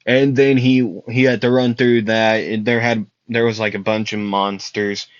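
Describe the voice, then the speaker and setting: A man's voice: lowish voice, little pitch movement, measured pace, no room sound, lightly acted. A man doing a weary unbothered male teacher. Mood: offhand. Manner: hesitant, trailing off with fillers. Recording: dull lo-fi dry recording.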